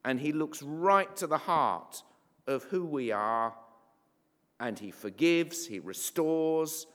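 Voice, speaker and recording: A man's voice: fairly high pitch, animated, takes it slowly, fairly bright tone. A man preaching a sermon in a conversational, wry way, with asides and fillers. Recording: long hall reverb.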